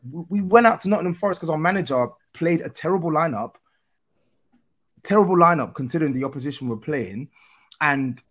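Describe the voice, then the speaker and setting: A man speaks in a husky, mid-pitched voice. He talks football earnestly on a podcast and keeps pressing his points with exasperation. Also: expressive, fairly quick. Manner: earnest, building to exasperated rants. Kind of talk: casual chat.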